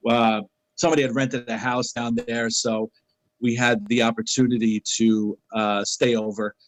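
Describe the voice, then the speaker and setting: A man's voice: medium pitch, moderate pace, no room sound, poor audio. A man tells a story in casual guest talk, acting out each line of dialogue. His voice sits in a middle register. The sound is dry and close to the mic. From New York City. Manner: animated anecdotes, acting out quoted dialogue. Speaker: interview guest.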